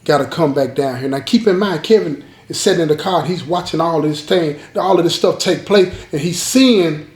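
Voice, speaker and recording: Emphatic male storyteller, higher voice. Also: normal speed, hardly any pauses. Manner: emphatic, repeats lines, addresses audience. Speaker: storyteller host. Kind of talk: dramatic storytelling to viewers. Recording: roomy echo.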